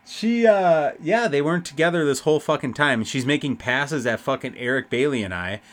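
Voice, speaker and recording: A young man hosting a podcast, rambling through a festival story with constant swearing and animated retelling. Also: a little high, normal speed. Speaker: podcast host. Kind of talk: casual storytelling.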